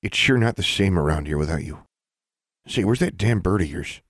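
A gruff, stubborn middle-aged cop in a storybook reading, blunt and set in his ways, as a male narrator with a deep voice plays him. The recording is dry and close. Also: animated, normal speed, no room sound.

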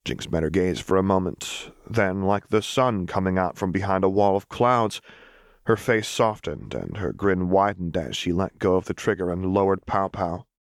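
A man reading a fan-fiction story aloud as narrator, measured and even. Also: low voice, no echo, clean studio sound. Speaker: audiobook reader. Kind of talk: scripted narration.

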